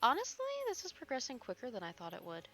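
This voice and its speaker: Bright-voiced woman chatting while streaming a game. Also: a little high, sing-song, fast. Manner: chatty, self-mocking, swears casually. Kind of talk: casual game-stream chat.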